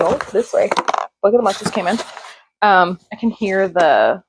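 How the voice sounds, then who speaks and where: A woman's voice: medium pitch, a little slow, noisy background. A young adult woman chatting casually in a rambling vlog about her kids and reading, with many fillers. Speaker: mom vlogger.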